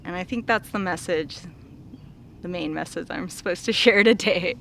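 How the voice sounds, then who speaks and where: A woman's voice: fairly low pitch, normal speed, creaky, a bit bright, a little hiss or hum. A young woman vlogger talking earnestly and casually to her viewers, with lots of fillers and small laughs. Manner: earnest, many "like" fillers, laughs between thoughts. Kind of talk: casual heartfelt talk to viewers.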